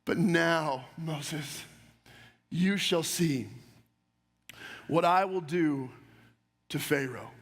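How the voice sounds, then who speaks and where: A man voicing God as a deep, solemn, all-powerful figure, speaking in slow, deliberate pronouncements. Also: a bit bright, heavily acted. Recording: long hall reverb.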